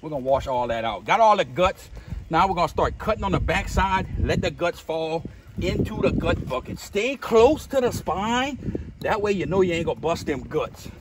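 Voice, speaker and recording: A man's voice: sing-song, moderate pace. A man with a Louisiana Cajun accent hosting a hands-on how-to demonstration, boisterous and full of slang. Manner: boisterous and slangy, says dude and boom a lot. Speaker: host. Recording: distant mic with loud outdoor noise.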